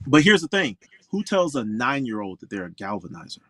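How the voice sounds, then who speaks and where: Forties man from Florida, outspoken storyteller, mid pitch, dry studio sound. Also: fairly quick, no echo. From Orlando, Florida. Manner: outspoken, emphatic, animated storyteller. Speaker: pro golfer guest. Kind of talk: interview storytelling.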